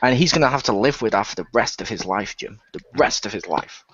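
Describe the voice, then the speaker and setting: A man co-hosting a casual wrestling chat, talking in a sarcastic, animated way. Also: fairly low pitch, brisk, husky. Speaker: podcast co-host. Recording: dull dry lo-fi audio.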